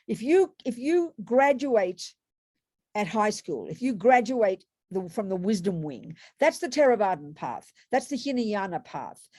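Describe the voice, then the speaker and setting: A woman's voice: fairly high pitch, mellow, no room sound, studio quality. A woman giving a Buddhist dharma talk to students, conversational, with rhetorical tag questions and frequent restarts. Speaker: Buddhist meditation teacher.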